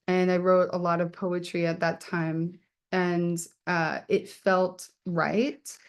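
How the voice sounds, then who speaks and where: Low-voiced woman chatting on a video call. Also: a little mellow. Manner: rambling and candid, with frequent fillers and laughter. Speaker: poet and author hosting her book launch. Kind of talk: casual chat.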